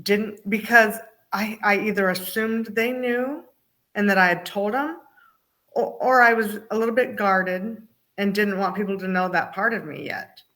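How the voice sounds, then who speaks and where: A woman's voice: mid-range voice, unhurried, fairly bright tone. Female guest, mid-range voice, humorous storyteller, casual talk show chat. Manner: storytelling, acts out quoted voices, uses humor.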